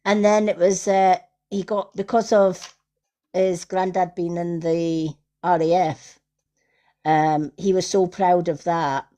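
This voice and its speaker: A middle-aged woman, hosting a live stream and telling an anecdote in a lively way. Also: fairly low pitch, takes it slowly. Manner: animated, acts out voices in her stories. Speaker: host. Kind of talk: casual storytelling on a live stream.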